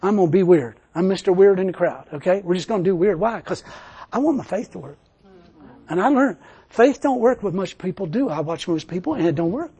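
A man's voice: high-pitched, lively intonation, fairly quick, dark tone, husky. A man preaching a sermon to a church congregation, folksy and emphatic, with casual grammar. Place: church service.

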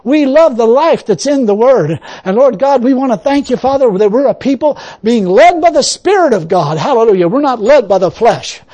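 Male pastor, folksy sermon and prayer, expressive rise and fall, peppered with hallelujah. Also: extremely high pitch, moderate pace, few pauses. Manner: folksy, repeating phrases, punctuating with hallelujah.

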